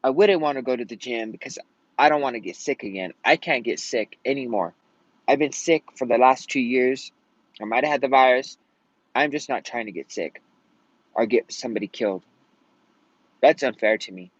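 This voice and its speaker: A man's voice: mid-range voice, moderate pace, no room sound. A man venting in a casual vlog rant, rambling and swearing often out of frustration. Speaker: vlogger. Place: at home in Colorado. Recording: dull lo-fi sound.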